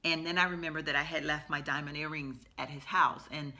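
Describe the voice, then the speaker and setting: A middle-aged woman telling a personal story in a storytime vlog, emotional and halting, with many fillers. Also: sits low, steady tone, sharp tone. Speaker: vlogger.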